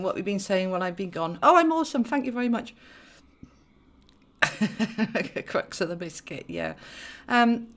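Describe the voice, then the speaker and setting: A woman hosting a live stream, chatting and laughing with viewers, then slowing into a soft guided meditation. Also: medium pitch.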